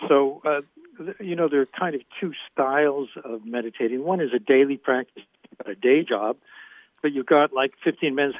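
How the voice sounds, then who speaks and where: An older man, a guest author in an interview, explaining ideas in a measured way with light hesitations, heard over a tinny phone line. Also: mid-range voice, dry recording. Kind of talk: conversational interview.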